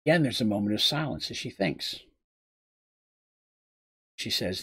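Brief: husky, animated male streamer retelling a game session. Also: medium pitch, a little fast, pauses often. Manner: animated, chatty, asides to chat. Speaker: storyteller recapping a game. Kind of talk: casual storytelling on a live stream.

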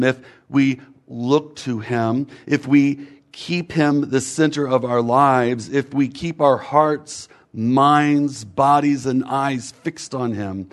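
A man preaching a sermon in a measured way, building rhythmic lists whose last words fall away. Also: mid-range voice.

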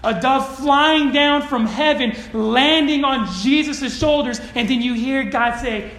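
A man's voice: extremely high pitch, a little slow, hardly any pauses, a bit bright. A male pastor preaching a sermon to a congregation, moving from earnest storytelling to emphatic declarations. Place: church sanctuary with congregation. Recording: roomy church echo.

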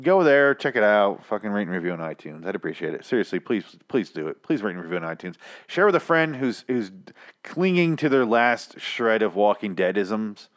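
A man's voice: fairly low pitch, big pitch swings, a little fast. A young man hosting a podcast, ranting in a profane, exasperated way while reviewing a TV episode, tired and achy after some whiskey. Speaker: podcast host.

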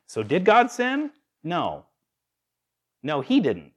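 A man's voice: on the high side, takes it slowly, husky. A man preaching a sermon, asking his listeners rhetorical questions. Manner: animated, asks the audience rhetorical questions.

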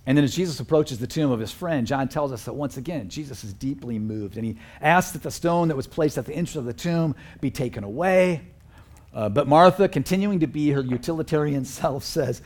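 Husky-voiced man preaching a sermon. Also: mid-range voice, brisk, a little mellow. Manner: conversational, earnest, with fillers and chuckles. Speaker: pastor.

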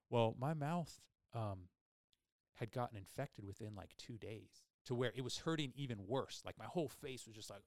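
A man hosting a podcast, telling a long personal story in a casual, animated way with many fillers. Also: medium pitch, normal speed, no echo, clean studio sound. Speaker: podcast host.

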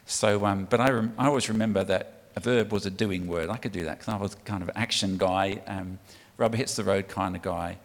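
A man preaching to his church, his voice low and gravelly. He talks in a punchy, conversational way and coaxes the congregation to call back to him. His words ring out with the long reverb of a big hall. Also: fairly even intonation, fairly quick, hardly any pauses. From United Kingdom. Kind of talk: sermon.

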